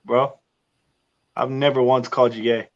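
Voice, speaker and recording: A man's voice: mid-range voice, flat delivery, normal speed. A man in casual chat, joking and teasing his co-host. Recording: dull lo-fi sound.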